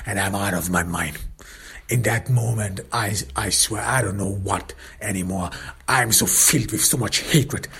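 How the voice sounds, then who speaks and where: Slow, gravelly, intensely angry male storyteller. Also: fairly low pitch, fairly bright tone. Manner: intense, angry, breaks into whispers. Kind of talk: first-person dramatic story narration.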